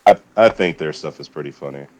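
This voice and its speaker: A man's voice: very deep voice, fairly quick, a little mellow. A man streamer from the US chatting casually and rambling, swearing freely and laughing often. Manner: rambling, profane, laughing often, many fillers. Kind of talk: casual chat.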